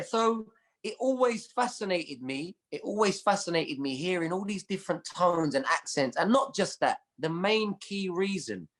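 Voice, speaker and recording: A man with a London accent, a comedian chatting as a podcast guest and telling animated stories full of street slang. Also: high voice. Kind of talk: casual chat.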